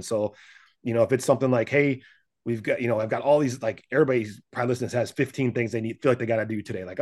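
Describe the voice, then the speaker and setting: Fast-talking man, animated casual chat. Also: mid-range voice. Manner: animated, acts out quoted voices, laughs often. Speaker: podcast guest, business and gym owner.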